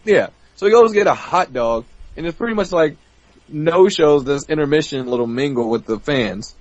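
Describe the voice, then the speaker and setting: A man in his twenties, a wrestler guest, telling a backstage story in a profane, animated way. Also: moderate pace, no room sound. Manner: profane, animated, bursts into high-pitched mimicry. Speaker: interview guest, pro wrestler. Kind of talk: casual storytelling. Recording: dull, dry podcast audio.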